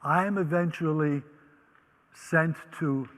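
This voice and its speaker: Speaking slowly in a somewhat high, slightly bright voice, an elderly Holocaust survivor from the Netherlands tells his life story with vivid flair, performing the voices of those he quotes. The low-quality recording has the sound of a big room.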